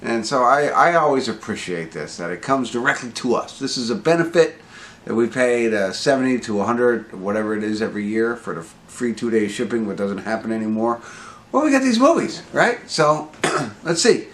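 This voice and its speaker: A middle-aged man reviewing a movie in a casual, rambling way, joking at his own expense, full of fillers and restarts, his voice a bit hoarse. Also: mid-range voice, lively intonation, normal speed, a bit bright. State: slightly hoarse voice.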